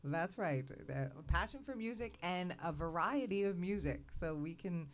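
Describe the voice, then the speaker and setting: A chatty woman co-hosting a podcast, her voice sitting a little low but swinging widely in pitch. She talks in an upbeat, easygoing way and laughs often. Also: animated, normal speed, slight background noise. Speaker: podcast co-host. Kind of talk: casual chat.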